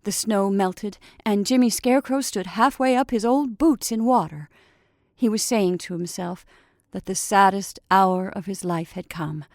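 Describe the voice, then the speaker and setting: A woman hosting a storytelling podcast, reading a classic story aloud with gentle, expressive narration. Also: medium pitch, dry recording, studio quality.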